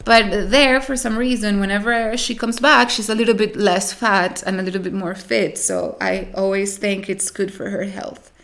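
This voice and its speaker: A woman's voice: mid-range voice, steady tone, normal speed, few pauses, a bit bright. A woman vlogging to camera in casual chat, rambling with self-mocking, dramatic complaints.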